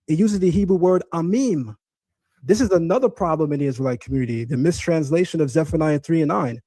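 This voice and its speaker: Male stream host, Hebrew teacher, insistent and emphatic, slightly high, mellow tone, dry sound. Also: fairly quick, no room sound. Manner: emphatic, insistent, repeats points to drive them home. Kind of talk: live-stream teaching and debate.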